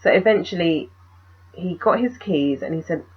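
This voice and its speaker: A woman telling a personal story in a vlog, animated and full of rhetorical questions. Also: on the low side, moderate pace, breathy edge, muffled recording. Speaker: vlogger.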